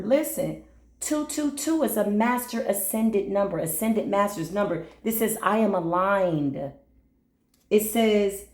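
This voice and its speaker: A woman giving an animated astrology and numerology reading, speaking straight to her listeners in a preachy way and acting out quoted voices. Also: medium pitch, roomy sound. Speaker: spiritual reader.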